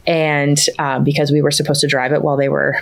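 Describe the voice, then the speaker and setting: Low-voiced chatty mother telling a story. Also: fairly quick, gravelly. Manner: chatty, lots of fillers like "like" and "you know", animated when quoting her kids. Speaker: coaching client sharing her story. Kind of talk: casual conversational storytelling.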